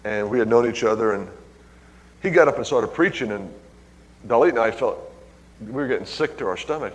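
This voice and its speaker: A pastor with a medium-pitched, expressive voice preaches a sermon to his congregation at a fairly quick pace, leaving long pauses. He tells personal stories, calls out to the people and exclaims "hallelujah" between points. A large hall gives the recording a long reverb.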